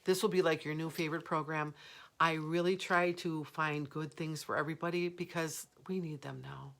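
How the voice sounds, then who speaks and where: A woman's voice: sits low, steady tone, moderate pace, a bit bright. A middle-aged woman hosting a live jewelry sale, chatting, rambling and laughing easily as she shows each piece. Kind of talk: live shopping stream chat.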